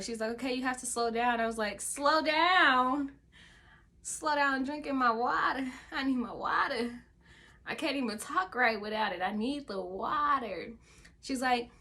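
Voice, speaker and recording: A young woman tells a casual storytime to her channel in a bright, forceful voice. She acts out the quotes as she goes, her pitch jumping up and sometimes dropping to a whisper. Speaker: vlogger.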